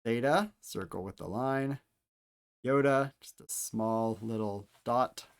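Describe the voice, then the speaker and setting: A man teaching how to handwrite Greek letters, calmly explaining each stroke step by step, with playful asides now and then. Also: medium pitch, takes it slowly, clear, resonant tone. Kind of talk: handwriting tutorial instruction.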